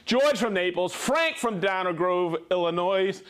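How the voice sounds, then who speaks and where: An upbeat man hosting a live stream, talking in a fairly high voice that swings up and down with animation. He chats casually and laughs often. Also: animated, a little slow, clear, resonant tone. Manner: upbeat, reads viewer shout-outs, laughs often. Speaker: host of a live tool show.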